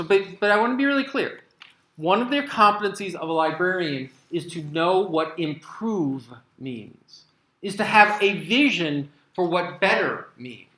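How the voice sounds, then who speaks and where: American male keynote speaker, animated and emphatic, bright tone, roomy hall sound. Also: sits high. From United States. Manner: animated, sarcastic asides, emphatic. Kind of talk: conference keynote talk. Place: conference hall.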